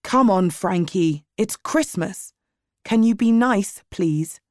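A coaxing, jovial middle-aged father, read by a woman. He speaks at an unhurried pace. The sound is dry and close. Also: medium pitch, animated, dry recording.

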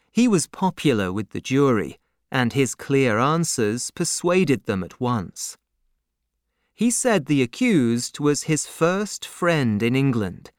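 A male audiobook narrator who tells the story slowly, with a lively, expressive rise and fall in pitch. The sound is close and dry, with no room around it. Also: no echo.

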